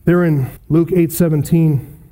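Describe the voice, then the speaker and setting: A man's voice: fairly high pitch, steady tone, a little slow, mellow, in a large hall. A male pastor preaching an expository sermon, pressing hard on key words. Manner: emphatic, building to stressed key words.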